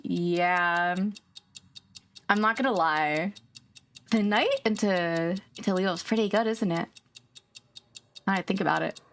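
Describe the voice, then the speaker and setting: A woman's voice: on the low side, unhurried, long pauses. A woman streaming a game live, chatting casually in a chatty, giggly and jumpy way. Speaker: VTuber streamer.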